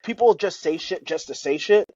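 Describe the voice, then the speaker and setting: A man's voice: high voice, expressive, moderate pace, darkish tone, dull audio, a little hiss or hum. A married man co-hosting a podcast in casual chat, swearing and filling with ums and likes. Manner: swearing, filler-heavy rambling. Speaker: podcast co-host.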